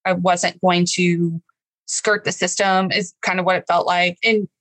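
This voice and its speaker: A woman's voice: fairly low pitch, level tone, unhurried, a bit bright, dry recording, poor audio. A woman in her thirties from Texas, a guest telling an emotional, earnest personal story in an interview.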